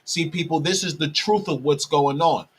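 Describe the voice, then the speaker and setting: A man's voice: fairly high pitch, moderate pace, a little hiss or hum. A man delivering a heated ranting monologue straight to his viewers, repeatedly calling out to them. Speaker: vlogger.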